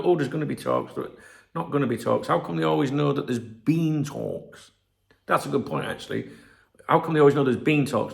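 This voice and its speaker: A medium-pitched voice with vocal fry comes through a reverberant space. The man hosts a football channel, reading news pieces aloud and mocking them in a sarcastic, sweary solo rant.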